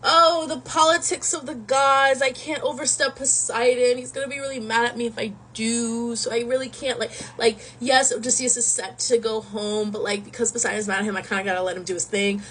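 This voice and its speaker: A woman's voice: on the high side, steady tone, a little fast, few pauses, fairly bright tone, a little hiss or hum, lightly acted. Casual: lady doing a wishy-washy king of the gods, all like and kinda. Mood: hedging. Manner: hedging, casual slang. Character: waffling, politicking male king of the gods.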